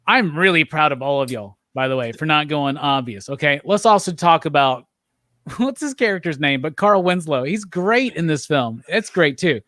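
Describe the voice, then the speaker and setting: A man hosting a casual movie review chat, talking with animated enthusiasm and leading the discussion. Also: fairly high pitch, normal speed, no room sound. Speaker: podcast host.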